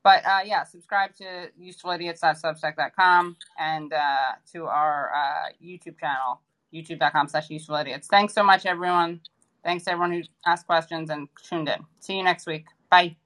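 Chatty woman co-host, lowish voice. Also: fairly even intonation, moderate pace, fairly bright tone. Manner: chatty, instructive. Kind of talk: casual show sign-off.

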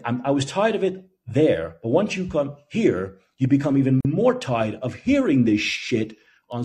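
A male call-in show host on an angry, profane rant. His mellow, dark-toned voice swings widely in pitch, climbing high when he gets worked up and dropping low into muttered asides. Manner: heated, profane, sneering. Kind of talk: opinion rant.

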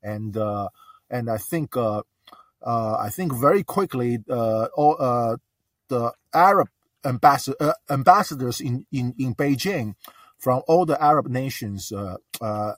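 Male caller, earnest, halting with many fillers, distant dry sound. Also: mid-range voice, animated, no room sound. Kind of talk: casual call-in talk.

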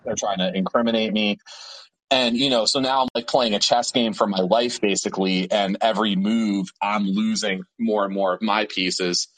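A man's voice: fairly low pitch, normal speed, low-quality recording. A man from Pittsburgh, an interview guest, telling a story casually with a lot of swearing and filler words. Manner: profane, animated storytelling with many fillers.

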